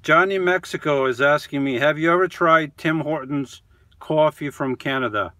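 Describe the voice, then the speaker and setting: A man's voice: fairly high pitch, moderate pace, bright, forceful tone, dry recording. A man hosting a casual live stream from his camper van, reading viewer comments aloud and answering them one by one in an easygoing, chatty way that often trails off.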